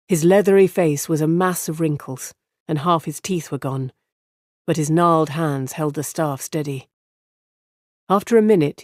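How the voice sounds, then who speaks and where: A man's voice: on the high side, a little mellow, no room sound, clean studio sound. A man reading a fantasy novel aloud as narrator, giving the characters' dialogue small shifts of voice. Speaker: audiobook narrator. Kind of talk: scripted narration.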